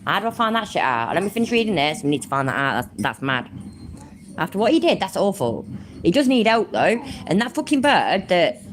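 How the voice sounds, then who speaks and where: A woman's voice: medium pitch, sing-song, brisk, slight background noise. A woman hosting a casual commentary channel from home, sarcastic, swearing freely and laughing easily.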